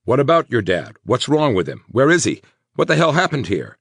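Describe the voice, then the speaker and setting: A man's voice: medium pitch, wildly swooping pitch, a little fast, vocal fry, a bit bright, slightly rough, no echo, pitched above the performer's own voice, full character voice. A man voicing a protective, tough man in an audiobook, coaxing and urgent, swearing when angry. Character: protective tough man, tender to his girlfriend.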